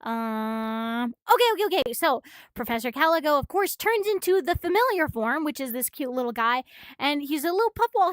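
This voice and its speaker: A woman streamer who is a little out of breath, rambling and gushing excitedly as she reads a comic aloud in a casual chat from her room. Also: sits high, no echo, studio quality.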